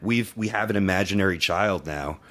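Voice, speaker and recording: A man's voice: deep voice, a little fast. A young man co-hosting a podcast, telling a funny story in casual chat and acting out what people said. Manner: animated, acts out quotes, swears freely. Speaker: podcast co-host.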